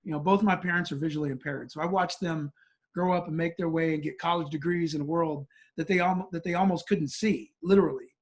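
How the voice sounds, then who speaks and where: A man's voice: on the high side, fairly even intonation, fast talker. A man telling a vivid story as an interview guest, acting out the voices of people in it.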